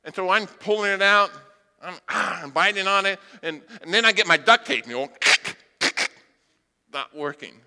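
A man's voice: high-pitched, normal speed, smooth, long reverb tail. A blind man preaching a sermon, telling humorous stories and acting out voices. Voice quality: blind speaker. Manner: humorous, animated storytelling with acted-out voices. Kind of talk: sermon with storytelling.

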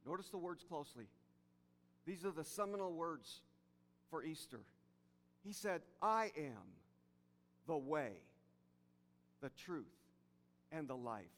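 A pastor preaching a sermon, emphatic, repeating key phrases and dropping soft for emphasis. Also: male voice, high-pitched. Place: church sanctuary. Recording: church hall reverb.

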